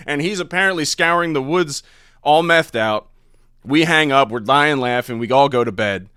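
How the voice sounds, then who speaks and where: A man's voice: on the high side, expressive, normal speed, bright, forceful tone, clean tone, no echo, studio quality. A man who does stand-up, telling a story as a podcast guest in a laid-back, profane way. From Ohio. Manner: laid-back, profane, laughs between lines. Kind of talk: casual storytelling.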